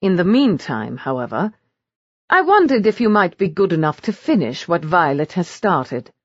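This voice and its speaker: A cynical aristocratic lord who drawls lazily and mocks freely, as a woman reads him in an audiobook. The low voice still swings widely between lines. The recording is dry and a bit dull. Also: sing-song, normal speed, no room sound. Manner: lazy, mocking drawl. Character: cool, cynical aristocratic English lord, man. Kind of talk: audiobook character reading.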